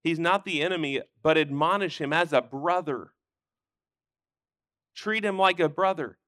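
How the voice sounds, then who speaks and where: Guy teaching sunday school, bright crisp voice, punchy when he gets going. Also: a little high, a little slow, no echo, studio quality. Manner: explains scripture with rising emphatic bursts. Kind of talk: Bible lesson.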